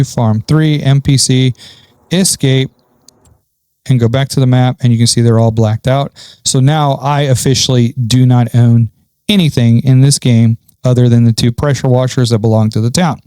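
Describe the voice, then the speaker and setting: A man's voice: mid-range voice, warm tone, clear, resonant tone, no echo. A man talking casually through a farming game setup, thinking aloud with frequent ums. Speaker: gaming channel host. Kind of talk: casual gameplay commentary.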